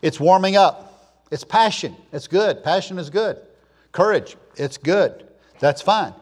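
A man preaching a sermon, emphatic, snapping between loud punchy words and quiet asides, using call-and-answer lists. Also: sits high, expressive, measured pace, slightly rough. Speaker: pastor.

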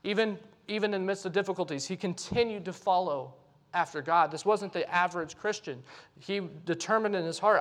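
A man's voice: high-pitched, brisk, fairly bright tone. A man preaching a sermon, earnest, and pleading when he voices the prayers, with frequent "right?" asides to the congregation.

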